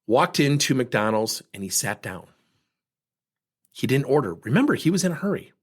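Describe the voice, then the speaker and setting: A man hosting a podcast, candidly telling personal stories as a coach in an animated way. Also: mid-range voice, moderate pace, slightly rough. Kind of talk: personal storytelling monologue.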